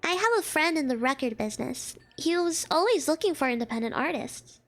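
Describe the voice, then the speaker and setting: A friendly party host with a high, lively voice, gracious and encouraging toward the band, read aloud by a woman streamer. The tone is bright and the pace is slow and easy. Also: faint music behind. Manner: polite, encouraging reading of game lines.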